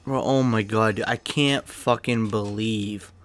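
A young man chatting casually while opening card packs in a video game, excitable and swearing freely, with a cough and an irritated throat. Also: on the low side, a little slow. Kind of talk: casual pack-opening commentary. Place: his bedroom.

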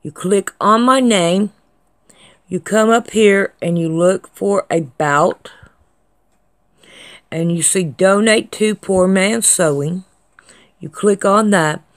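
Slow-talking chatty woman. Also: medium pitch. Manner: slow, chatty, scolding, drawls. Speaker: channel host reading comments. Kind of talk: casual comment-reading vlog.

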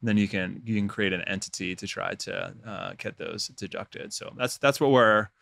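A man's voice: on the low side, vocal fry, a bit bright. A man co-hosting a casual finance podcast, explaining taxes in an easygoing, joking way. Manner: joking, easygoing, quick asides. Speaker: podcast co-host, tax advisor.

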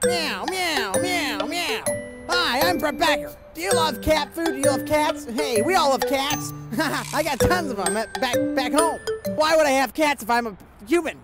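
An actor playing a goofy male cat-food pitchman who thinks he is a cat, in a comedy sketch of a fake commercial. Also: animated, loud music behind the voice. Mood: cheery. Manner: slow, over-eager pitch that breaks into rants.

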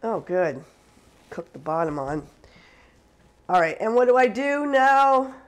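A woman's voice: a little high, very animated, slow pace, poor audio. A woman from Canada hosting a live cooking stream in a casual, chatty way, laughing often and answering viewers as she cooks. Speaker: cooking show host.

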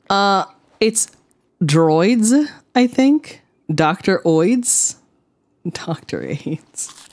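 Slow, lively-pitched woman streamer. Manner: rambling, deadpan jokes to chat. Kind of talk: casual gameplay commentary.

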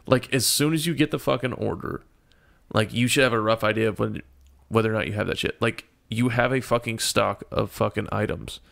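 A man's voice: on the low side, steady tone, a little fast, creaky, a bit bright. A man co-hosting a casual podcast, ranting heatedly and swearing constantly. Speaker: podcast co-host.

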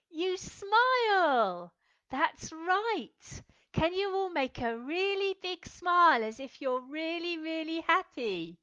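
Slow, gentle woman leading a children's lesson. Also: fairly high pitch, no room sound. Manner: slow, gentle and expressive, acting out feelings for children. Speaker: children's club leader. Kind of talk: children's lesson, speaking to the camera.

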